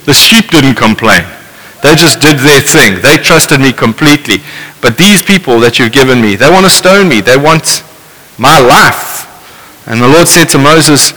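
A man's voice: a little high, bright, forceful tone. Male preacher, casual and wry, reverberant hall. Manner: conversational, wry asides. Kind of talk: sermon with scripture reading.

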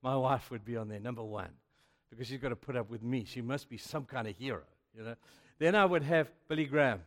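A man's voice: mid-range voice, fairly even intonation, fast talker. Emphatic preacher man in echoey hall. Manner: emphatic and chatty, keeps saying "you know". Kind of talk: youth sermon.

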